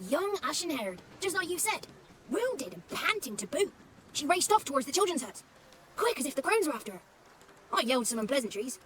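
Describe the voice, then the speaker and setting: A woman's voice: high voice, fairly bright tone, a little hiss or hum. A woman voicing a small, impish male forest spirit in a video game, chatty, crude and theatrical, savouring silly words. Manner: playful, theatrical, relishing tongue-twisters.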